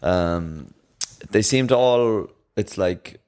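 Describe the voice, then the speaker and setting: A man's voice: low-pitched, animated, very slow, darkish tone, smooth. A young man co-hosting a podcast, chatting casually in a laid-back way and swearing freely. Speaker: podcast co-host. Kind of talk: casual chat.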